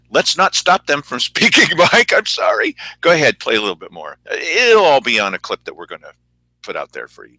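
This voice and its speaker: A man's voice: on the low side, pushed and bright, dry recording, low-quality recording. A man co-hosting a local news show, commenting sarcastically on clips in casual talk and laughing often.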